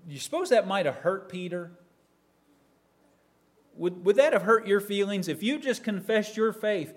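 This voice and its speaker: A man preaching a sermon, acting out a disciple's words and swinging from loud to near silence. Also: sits high, animated, normal speed, long pauses. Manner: acts out a disciple's words in quoted asides; rises in loudness and falls to near silence.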